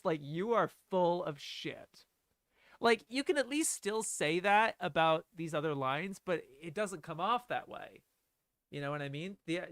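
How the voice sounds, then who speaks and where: A young man streaming casual film commentary, animated and laughing, reading dialogue lines aloud. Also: sits high, no echo.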